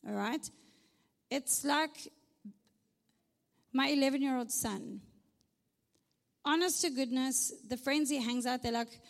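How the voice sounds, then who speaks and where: Slowly and with long pauses, a South African woman gives a conversational sermon to a large church hall. Her somewhat high voice carries a long reverb, and she keeps things chatty with frequent "right?" and humorous asides.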